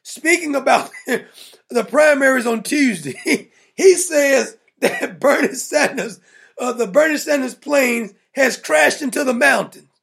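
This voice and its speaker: A man's voice: extremely high pitch, expressive, measured pace, creaky, fairly bright tone, slightly rough. A man hosting a political talk show, ranting in an emphatic, mocking, blunt way. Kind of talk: opinionated political rant.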